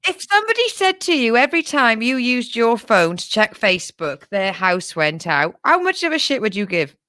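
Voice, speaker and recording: A woman's voice: on the high side, big pitch swings, moderate pace, pushed and bright, no echo. A woman co-hosting a comedic news chat show, rambling, swearing and laughing as she tells a story. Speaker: co-host.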